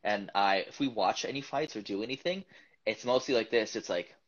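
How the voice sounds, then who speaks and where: A man with a fairly low voice hosts a relaxed podcast, talking in long, rambling stretches full of restarts and quick laughs. The sound is dull and lo-fi. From United States. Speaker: podcast host. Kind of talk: casual conversational podcast chat.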